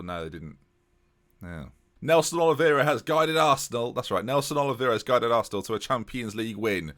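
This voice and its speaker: Chatty man narrating his game. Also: medium pitch. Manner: chatty, animated, self-mocking. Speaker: gaming YouTuber. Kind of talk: casual game commentary.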